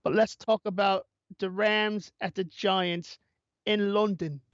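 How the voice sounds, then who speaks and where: A jokey male announcer with a hammy mock Cockney-Irish lilt, as a man puts it on. The voice sits high with a gravelly edge. The sound is dull and lo-fi. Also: normal speed, no echo. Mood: playful. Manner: hammy, playful put-on accent.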